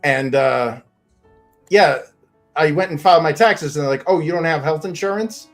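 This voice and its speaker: A man's voice: on the high side, normal speed, soft background music. A man chatting casually as a guest on a podcast, rambling and laughing often. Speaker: guest comic creator.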